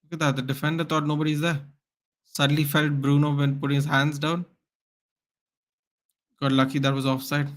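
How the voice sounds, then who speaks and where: Man, football watchalong host, partisan fan play-by-play, bursts of excitement, casual. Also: a little high, normal speed, long pauses. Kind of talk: live fan commentary.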